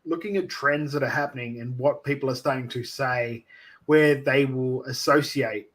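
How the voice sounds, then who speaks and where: An Australian man chatting casually about wrestling. He rambles and hedges with lots of fillers, and drops in profanity. His voice sits in a plain mid-male pitch. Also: fairly even intonation, moderate pace. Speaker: wrestling manager and promoter. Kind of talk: casual chat.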